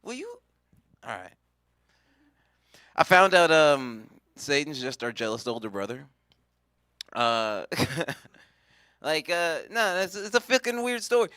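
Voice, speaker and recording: Male stand-up comic, profane and rambling, clear, slightly high voice. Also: sing-song, takes it slowly, long pauses, pushed and bright, dry recording, studio quality. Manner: rambling, profane, self-mocking. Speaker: stand-up comedian. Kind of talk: live stand-up set.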